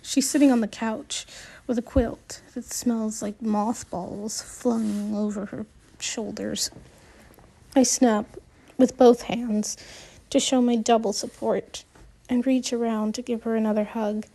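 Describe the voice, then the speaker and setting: A woman narrating an audiobook in the first person, reading gently with the odd restart. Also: a little high, fairly even intonation, slow, vocal fry.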